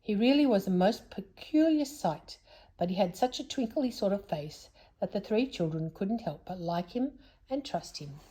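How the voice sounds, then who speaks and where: A woman reading a children's story aloud in an expressive, lively way. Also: mid-range voice, normal speed.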